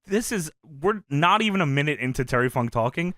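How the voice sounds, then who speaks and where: A man casually recapping an old wrestling show, swearing freely, laughing often and loudly acting out the quotes. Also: fairly high pitch, expressive, fairly quick, few pauses, no echo, studio quality. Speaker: podcast co-host recapping wrestling.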